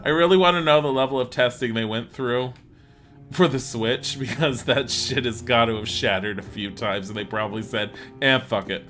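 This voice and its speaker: A man streams a game from his home setup, talking casually into a desk mic. His mid-pitched voice is bright and forward, rambling between laughs. He swears freely and gets excitable. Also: normal speed, soft background music. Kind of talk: casual live-stream chat over gameplay.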